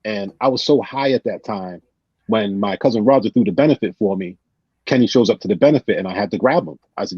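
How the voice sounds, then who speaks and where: A man's voice: fairly low pitch, quick pace, breathy edge, no echo. A man with a New England accent, a podcast guest telling stories in casual chat and acting out what his friends said. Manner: animated, acts out quotes of friends. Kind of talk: casual storytelling. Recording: dull lo-fi sound.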